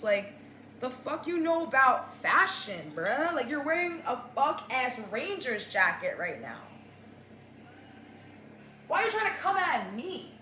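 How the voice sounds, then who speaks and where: Over a noisy background of dish and cutlery clatter in an echoey room, a high-voiced vlogger in her twenties rants through a storytime. She's chatty and exasperated and says "like" constantly.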